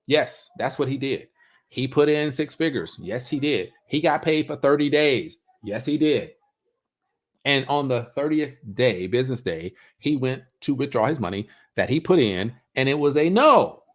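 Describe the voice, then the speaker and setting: Man, livestream host, casual talk, mid-pitched, very expressive pitch, repeats himself, rhetorical questions. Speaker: coach hosting a livestream on passive income.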